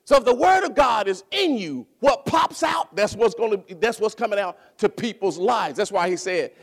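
A man preaching a sermon, animated, asking and answering his own questions and bursting into shouts. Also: high-pitched, moderate pace, vocal fry, hardly any pauses.

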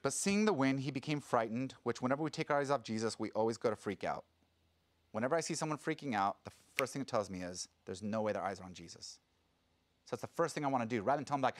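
Man preaching in a lively conversational way. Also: mid-range voice, fast. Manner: conversational, animated preaching with sudden loud acted quotes. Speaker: pastor. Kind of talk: sermon.

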